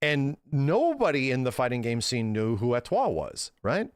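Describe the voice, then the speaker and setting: A man's voice: medium pitch, moderate pace, smooth, no echo. A man in his thirties streaming, talking casually and ranting with lots of swearing into a close mic. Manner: animated, profane ranting. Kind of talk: casual livestream commentary.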